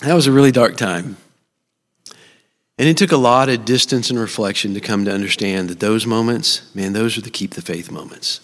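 A man's voice: on the low side, normal speed. A middle-aged man, preaching a sermon in an earnest, personal storytelling style with touches of humor. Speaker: speaker at a church service. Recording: long reverb of a large hall.

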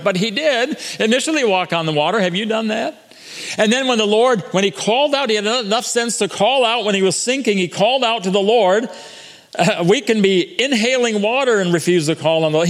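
High-voiced preacher in a reverberant hall. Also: male voice. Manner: earnest preaching with frequent restarts and repetitions. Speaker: pastor. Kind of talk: sermon.

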